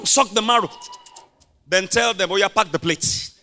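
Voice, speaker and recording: A Nigerian preacher with a very high, bright, forceful voice. He laughs freely through his sermon and bursts into loud shouts of praise. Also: normal speed, a little hiss or hum. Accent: Nigerian English.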